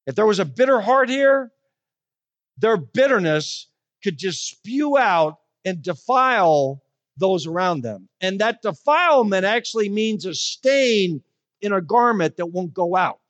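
A woman preaching a sermon, telling stories with animation and slowing down to stress key words. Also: medium pitch, highs cut off. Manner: animated storytelling, slows down for emphasis.

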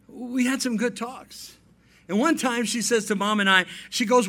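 A man in his fifties preaches with a high-pitched voice. He tells family stories, drops softly into asides, then lifts his voice into emphatic points for the congregation. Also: animated, moderate pace. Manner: storytelling preacher, swings between soft asides and emphatic raised points. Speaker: pastor. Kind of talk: sermon.

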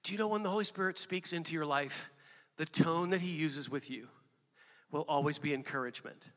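Animated preaching man in a reverberant hall. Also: on the high side, a little fast. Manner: animated preaching, rising to emphatic bursts. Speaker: pastor. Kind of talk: sermon.

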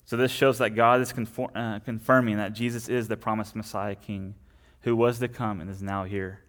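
Low-voiced man preaching with "right?" tags. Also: level tone, moderate pace, fairly bright tone. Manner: conversational, frequent "right?" tags and restarts. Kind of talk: sermon.

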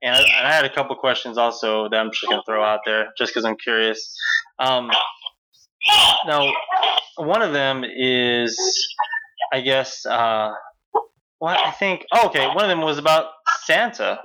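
A man's voice: medium pitch, animated, unhurried, pushed and bright, poor audio. A middle-aged man hosting a casual chat about parenting, rambling with many fillers and restarts. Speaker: podcast host.

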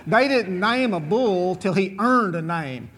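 A man's voice: high-pitched, lively intonation, measured pace, fairly bright tone. A man, a former bull rider telling a long folksy story to an audience, drawling and chuckling as he goes. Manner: drawling, chuckling, repetitive restarts.

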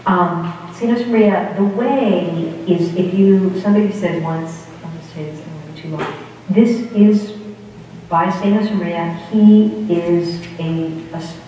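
A woman's voice: fairly low pitch, unhurried, mellow, a little hiss or hum. A woman giving an informal spiritual talk in a rambling, chatty way, often breaking off mid-sentence. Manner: rambling, chatty, self-interrupting. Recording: distant, echoey hall, dull sound.

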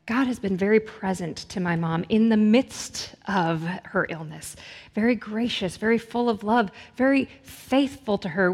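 Woman pastor preaching earnestly, mid-pitched, recorded with long reverb in a large hall. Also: darkish tone. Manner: earnest, builds intensity with repeated phrases. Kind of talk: sermon.

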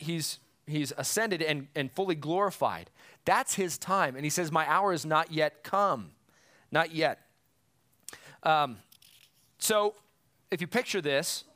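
A man preaching a sermon, telling the story in an animated way and briefly acting out the people in it. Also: fairly high pitch. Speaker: pastor.

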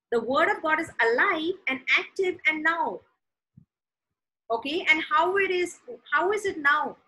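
High, bright-voiced woman preaching emphatically. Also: rough recording. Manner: emphatic, repeats words for stress. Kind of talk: sermon.

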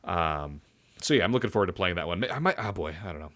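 A man's voice: deep voice, lively intonation, quick pace, fairly bright tone. A man co-hosting a casual podcast, talking loosely with lots of fillers and restarts. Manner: rambling with many fillers and restarts. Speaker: podcast co-host.

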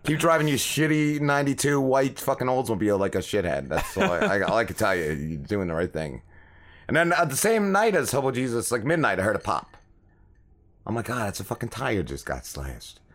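A man co-hosts a casual podcast, rambling through stories full of swearing and acting out the people in them. His pitch sits in the middle but swings widely as he goes. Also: big pitch swings, fairly quick, a bit bright. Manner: rambling, swears a lot, acts out quoted people. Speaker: podcast co-host. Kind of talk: casual profane storytelling.

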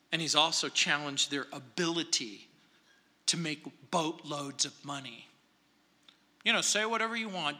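A man preaching a verse-by-verse sermon in a church sanctuary, dramatic, swinging between loud emphasis and hushed asides. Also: on the high side. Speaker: pastor. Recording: long hall reverb.

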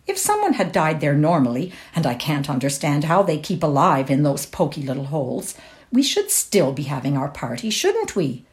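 A woman's voice: low voice, very animated, normal speed, a little mellow. A woman reading the lines of a poised, amused society mother in a short story, drawn out and indulgent. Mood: coaxing.

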